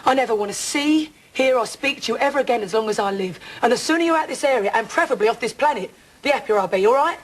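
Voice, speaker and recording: Woman in a tv soap, high voice, bitter and sarcastic, holding nothing back. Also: expressive, fast, poor audio. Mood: furious. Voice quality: bitter, sarcastic, then breaking down. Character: angry distraught East End woman confronting her attacker. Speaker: victim confronting attacker. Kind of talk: television soap drama acting.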